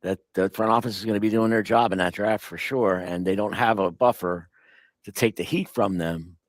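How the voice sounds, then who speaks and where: A male guest on a sports talk show speaks in a fairly low voice. He gives measured opinions and sometimes restarts a thought. The sound is dry and close. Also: no echo.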